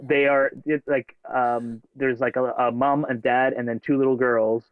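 A man who is a father, co-hosting a podcast and telling stories in an animated way, laughing as he talks. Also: medium pitch, moderate pace, clear, resonant tone, no echo, narrow, tinny audio. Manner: animated storyteller, laughs while talking. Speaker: podcast co-host. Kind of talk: casual chat.

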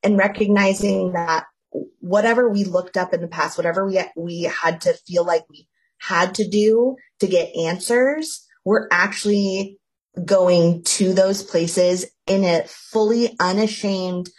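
A woman co-hosting a faith-based podcast, speaking in an earnest, deliberate casual chat. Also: mid-range voice, breathy edge. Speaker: podcast co-host.

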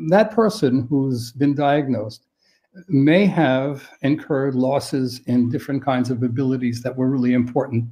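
An older man sharing caregiving advice on dementia in a thoughtful, halting way with frequent restarts. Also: medium pitch, dark tone. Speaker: dementia care expert guest. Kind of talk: conversational advice on a live stream.

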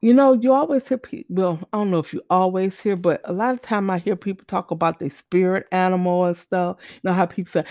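Woman with a gravelly voice, earnest testimony. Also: lowish voice, brisk, hardly any pauses, darkish tone, no echo, clean studio sound. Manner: earnest, repeats and restarts, acts out quoted voices. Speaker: mother telling a faith testimony. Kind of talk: personal testimony storytelling.

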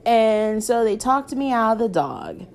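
A woman's voice: a little high, very animated, a little slow, gravelly, darkish tone. A young woman vlogger telling a rambling casual story, filling her talk with "like". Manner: rambling, peppered with "like".

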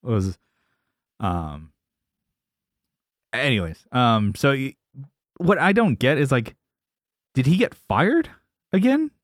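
A man's voice: mid-range voice, slow, long pauses, no room sound, clean studio sound. A man co-hosting a casual podcast, animatedly recapping a sitcom episode and acting out the characters' lines. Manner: animated retelling with quoted voices and laughs. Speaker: podcast co-host.

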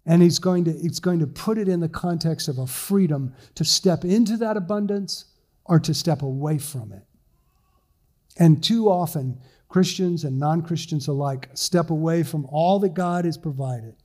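Middle-aged man preaching a warm sermon. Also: a little high, normal speed. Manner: conversational preaching with many fillers and restarts. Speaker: lead pastor. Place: church.

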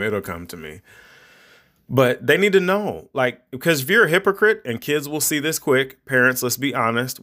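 Middle-aged male podcast host, mid-pitched, loose and rambling, lectures parents like a preacher. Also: a bit bright. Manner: rambling, conversational, preachy advice. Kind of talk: casual monologue podcast.

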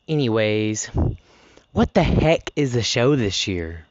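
A teenage high school student ranting casually on a podcast, profane and dramatic. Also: animated, measured pace, dry recording, muffled recording. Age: teens. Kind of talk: casual rant.

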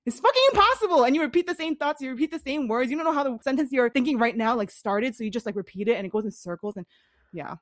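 Young woman, podcast co-host, quick profane storyteller, dry close recording. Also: high-pitched, expressive, dry recording. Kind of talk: casual podcast chat.

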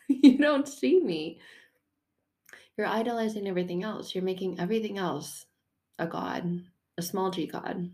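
A woman voicing Jesus as a calm, gentle man who speaks softly and reassuringly. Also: mid-range voice, lightly acted. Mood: patient. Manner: soft, reassuring, unhurried. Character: calm, gentle, patient adult male Jesus.

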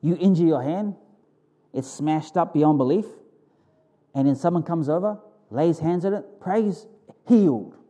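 A pastor preaching a sermon in an informal, animated way, telling stories vividly and breaking off for quick self-corrections. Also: male voice. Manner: animated, vivid storytelling with sudden high exclamations.

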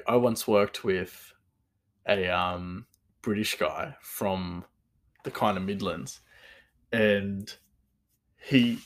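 A man's voice: on the low side, fairly bright tone. A man talking casually on his own, rambling and easygoing, with frequent laughter in his talk. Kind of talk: casual monologue.

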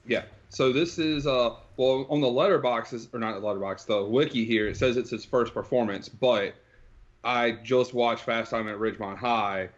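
A man's voice: medium pitch, fairly even intonation, moderate pace. A man in a mid-range voice shares film trivia in an easygoing, chatty way. His voice comes through dull and lo-fi. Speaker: podcast co-host. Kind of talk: casual film discussion. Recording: dull lo-fi sound.

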